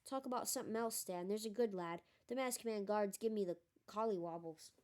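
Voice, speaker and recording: A woman voicing a slow-talking, gruff older male bus driver from a storybook. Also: medium pitch, darkish tone, natural voice. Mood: uneasy. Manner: slow, grunting.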